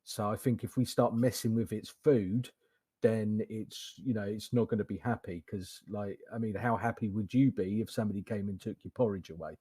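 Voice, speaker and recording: Husky low-voiced man playing a tabletop game. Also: steady tone, moderate pace, dark tone, no echo. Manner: hesitant, repeats words, laughs while talking. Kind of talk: casual tabletop role-play chat.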